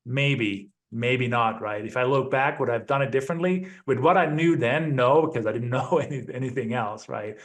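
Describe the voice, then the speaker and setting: Relaxed male guest, middle-pitched voice. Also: moderate pace, few pauses. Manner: relaxed, reflective, often ends points with "right?". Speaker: guest, apartment investor. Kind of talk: conversational interview.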